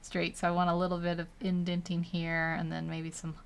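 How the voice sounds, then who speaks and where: A woman's voice: lowish voice, monotone, brisk, vocal fry, clear, resonant tone. A young woman casually narrating as she paints a digital portrait, chatty and rambling, laughing often between thoughts. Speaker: digital art streamer.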